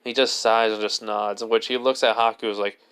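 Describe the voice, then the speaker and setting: A man's voice: on the low side, flat delivery, brisk, fairly bright tone, clear, resonant tone. A man telling an improvised fan story, rambling and leaning heavily on filler words and restarts. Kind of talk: improvised fan fiction narration.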